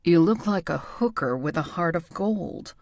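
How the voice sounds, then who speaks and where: A woman narrator voicing a blunt, bossy man with a theatrical, cutting way of talking, a bit lower than her own voice. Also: lively intonation, measured pace, gravelly, darkish tone, no echo, studio quality, exaggerated voice. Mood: sassy, blunt. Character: blunt, sassy man, bossy fashion critic.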